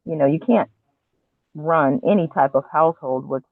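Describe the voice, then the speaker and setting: A woman guest telling her story candidly and earnestly, acting out her own past words with animated asides, heard over a phone or call line. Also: sits low, moderate pace, dry recording. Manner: earnest, reflective, quotes herself with animated asides. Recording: tinny dry phone line.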